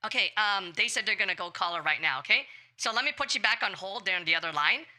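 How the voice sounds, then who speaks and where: A man's voice: high voice, expressive, quick pace, pushed and bright, heavily acted. A man using a voice changer to play a hesitant, placating woman relaying messages to scammers on a scambait call.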